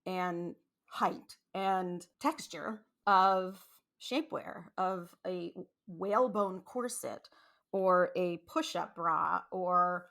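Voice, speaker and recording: A woman hosting a podcast, talking casually in a rambling, animated way with many asides and restarts. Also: fairly low pitch, drawn-out words, creaky. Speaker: podcast host. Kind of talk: casual solo podcast monologue.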